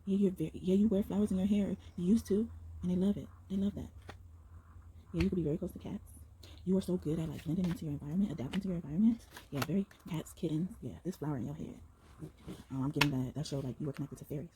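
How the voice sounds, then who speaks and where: A young woman giving a casual tarot reading to her viewers, excited and rambling, often breaking into exclamations and slang. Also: on the low side, quick pace, slight background noise, low-quality recording. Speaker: tarot reader.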